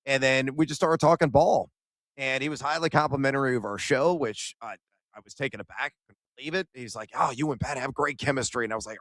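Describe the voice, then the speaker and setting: A man co-hosting a sports radio show, excitedly recounting his day at a basketball event and acting out the conversations. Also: mid-range voice, fast talker, dry recording. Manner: animated storyteller, acts out quoted exchanges.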